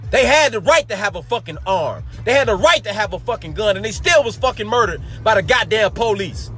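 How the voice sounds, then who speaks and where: A man with a notably high voice tears into a furious, profanity-laced rant on a live talk show, hammering his points again and again. Faint music plays underneath him throughout. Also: pushed and bright. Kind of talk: angry commentary monologue. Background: faint background music.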